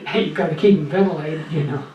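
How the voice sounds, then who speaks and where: An older man doing stand-up in a small club, with a weak, breathy voice after voice surgery and slow deadpan one-liners. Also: fairly high pitch, muffled recording, background noise. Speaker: stand-up comedian. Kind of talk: stand-up set. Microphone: handheld mic through a loud PA. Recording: echoey club recorded from far off.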